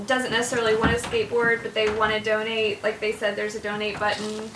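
A woman's voice: medium pitch, monotone, fast talker, noisy background. A woman hosting a podcast, giving short reactions and asking listeners to donate. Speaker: podcast host. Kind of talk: casual chat. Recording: echoey room, far from mic.

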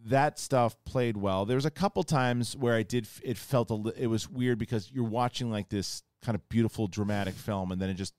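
Male host, deep clear voice, chatty movie talk, restarts often. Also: fairly quick, few pauses, dry recording, clean studio sound. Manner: rambling, restarts, animated bursts. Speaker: podcast host. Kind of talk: casual film review chat.

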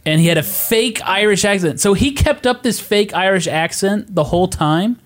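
A man's voice: high-pitched, moderate pace. A man co-hosting a podcast in casual, joking chat. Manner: joking, rambling. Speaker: podcast co-host.

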